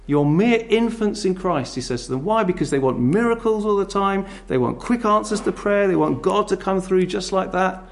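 A man preaching with a slightly high, gravelly voice. He talks to the congregation conversationally, asking rhetorical questions and slipping into playful voices. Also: fairly quick, few pauses. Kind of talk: sermon.

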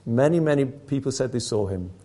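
A man's voice: medium pitch, animated, a little fast, dark tone. Man preaching with rising emphasis. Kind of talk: sermon.

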